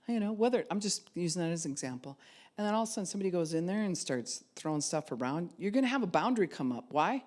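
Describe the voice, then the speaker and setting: A woman pastor preaching a sermon, acting out quoted voices and dropping to a soft hush at times. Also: fairly low pitch, very animated, fast talker.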